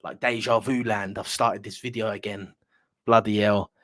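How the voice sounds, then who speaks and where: A man's voice: lowish voice, normal speed, dry recording. Blunt young man talking football. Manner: rambling, blunt, animated with slang and swearing. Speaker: football fan channel host. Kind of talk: casual football opinion talk to camera.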